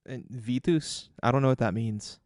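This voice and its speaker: Young male co-host, dry wry humor, mid-pitched voice, close dry mic. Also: moderate pace, a little mellow, no room sound. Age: young adult. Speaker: podcast co-host. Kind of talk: casual chat.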